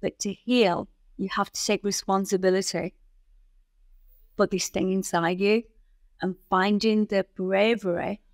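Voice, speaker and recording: A woman guest on a podcast interview, telling stories in an animated way and acting out the people in them. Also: mid-range voice, unhurried, dry recording. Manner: animated storyteller who acts out the people in her stories. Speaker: guest, founder of a riding centre.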